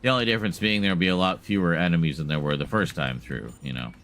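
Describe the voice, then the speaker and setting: A gaming streamer with a low, slightly bright voice talks fast while streaming a horror game. His live commentary is casual and chatty, wry and self-mocking, with light swearing.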